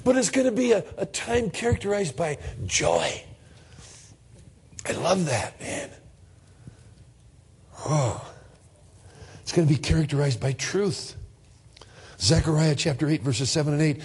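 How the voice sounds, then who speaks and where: Unhurried and husky, a male pastor reads scripture during his sermon and pauses often. He then shifts into lively, conversational talk, occasionally jumping up in pitch to act out ordinary conversations.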